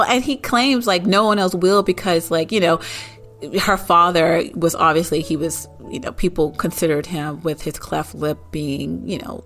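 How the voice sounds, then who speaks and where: A woman's voice: on the low side, fairly even intonation, normal speed, fairly bright tone, faint music behind. A woman casually recapping an episode, rambling with lots of "like" and "you know" and getting indignant at outrageous moments. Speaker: show recapper.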